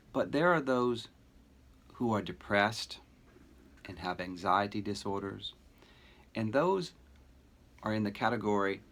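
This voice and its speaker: A man in middle age delivers a teaching lecture in a measured, low-pitched voice. He moves at a slow, deliberate pace, leaning on key words with earnest emphasis. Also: a bit bright. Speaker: teacher educator. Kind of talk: recorded lecture narration.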